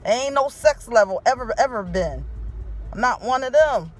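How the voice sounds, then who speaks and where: A woman's voice: fairly high pitch, animated, moderate pace, soft background music. A woman from Philadelphia recording a raw, grieving vlog from her car, with heavy swearing. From Philadelphia, USA. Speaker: vlogger. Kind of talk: emotional selfie vlog.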